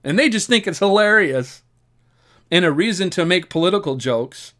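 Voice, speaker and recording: A man's voice: sits high, animated, moderate pace, very noisy. A man giving casual commentary to camera in an earnest, rambling way, repeating himself and laughing wryly. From United States. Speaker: vlogger.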